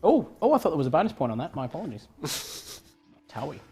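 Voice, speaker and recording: A man's voice: fairly high pitch, big pitch swings, fast, warm tone, husky, soft background music. A man hosting a live trivia quiz, reading questions and joking with his co-host. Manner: jokey, reads questions aloud, laughs often. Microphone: studio microphone.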